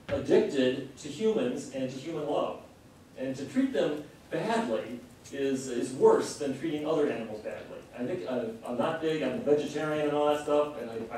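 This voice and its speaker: A man's voice: mid-range voice, dark tone, a little hiss or hum. A middle-aged man giving an earnest, impassioned public lecture. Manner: earnest, impassioned, varying pace. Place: lecture hall. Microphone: distant room mic. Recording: very echoey hall recording from a distance.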